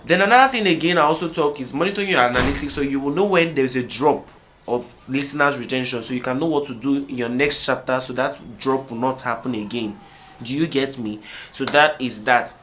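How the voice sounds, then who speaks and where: A man gives emphatic, repetitive coaching to writers. His voice sits at an ordinary pitch, and the recording is slightly dull and lo-fi with a faint hiss underneath. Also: a little fast, a bit bright. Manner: emphatic, repetitive, asks "do you get me?". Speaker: writing coach. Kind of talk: instructional talk to camera.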